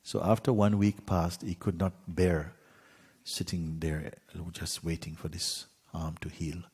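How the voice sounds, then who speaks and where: Deep husky male spiritual teacher. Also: level tone, big-room sound. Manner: unhurried, with soft asides and light laughs. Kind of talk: storytelling talk.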